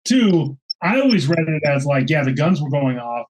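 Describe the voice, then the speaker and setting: Higher-voiced man teasing in a film chat. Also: big pitch swings, normal speed, darkish tone, slight background noise, poor audio. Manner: teasing, joking. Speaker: movie club panelist. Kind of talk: casual group chat about a film.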